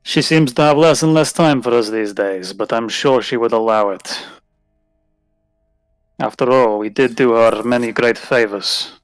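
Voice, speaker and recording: A man's voice: mid-range voice, a little slow, smooth, no room sound, lightly acted. A man playing a proud, boastful beast-rider. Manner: boastful, formal. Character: proud adult male warrior riding a beast.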